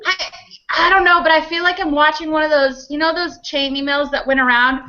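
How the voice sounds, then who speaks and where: A woman's voice: high voice, steady tone, brisk, sharp tone, lo-fi sound. A woman guest on a casual live panel chat, giggly and chatty.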